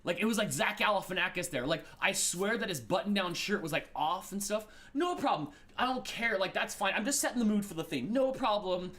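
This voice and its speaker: Lively rambling man telling a story. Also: sits high, brisk, few pauses. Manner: rambling, animated, acts out voices of people in his story. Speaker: host. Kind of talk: casual storytelling monologue.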